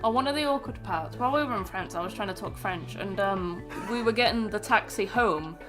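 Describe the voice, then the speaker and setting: A woman's voice: mid-range voice, expressive, a little fast, over music. A young woman from England, telling sweary, rambling travel stories in casual chat on a stream. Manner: chatty, sweary storytelling.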